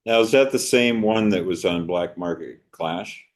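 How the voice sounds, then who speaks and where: A man's voice: low-pitched, moderate pace. An older man co-hosting a podcast, chatting in a casual, reflective way about music he loves. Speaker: podcast co-host.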